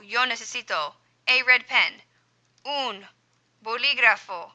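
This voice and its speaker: A woman's voice: medium pitch, normal speed, bright, forceful tone. A woman teaching a Spanish grammar lesson over a screen recording, upbeat and encouraging, dropping little sound effects as she writes.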